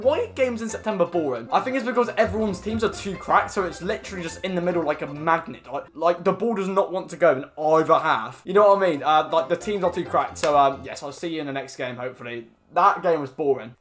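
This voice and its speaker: A young man commentating his own football video game matches, slangy, swearing and shouting when goals go in. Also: high-pitched. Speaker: gaming YouTuber. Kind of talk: excited gameplay commentary. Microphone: desk microphone.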